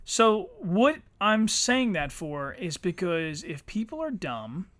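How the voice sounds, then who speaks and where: Brief: man, high voice, rambling chat, dry close mic. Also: very animated, slow, a bit bright, no room sound. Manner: rambling, many "you know" and "like" fillers. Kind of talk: casual chat.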